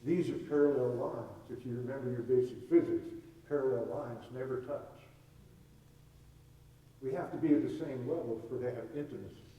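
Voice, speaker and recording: A man's voice: medium pitch, warm tone, lo-fi sound, slight background noise. A man teaching with stories, giving a spiritual talk to a gathering and acting out the voices of the people in his stories. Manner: storytelling, acts out quoted voices, folksy. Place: hall with a live audience. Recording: echoey room, voice from far off.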